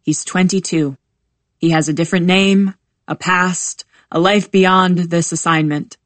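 A woman narrating a first-person novel as an audiobook, in a measured, calm reading voice. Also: on the low side, no room sound.

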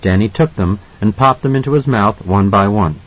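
A man narrating an audiobook in an expressive storytelling manner. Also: on the low side, normal speed, lo-fi sound. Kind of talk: scripted narration.

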